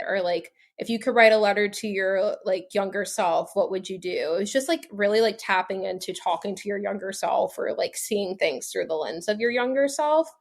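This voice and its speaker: A woman in her thirties telling her story as a podcast guest, chatty and filler-heavy, often laughing as she talks. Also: medium pitch. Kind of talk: casual storytelling interview.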